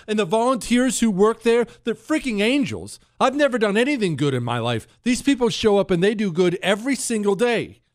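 Man, middle-aged, talk radio host, opinionated monologue, indignant, very lively pitch, dry close sound. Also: dry recording. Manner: animated, indignant, swings from loud outbursts to quiet asides.

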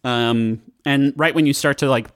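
A man's voice: medium pitch, normal speed, fairly bright tone, smooth, no echo, studio quality. A man narrating a tabletop game as game master in a casual, filler-heavy way.

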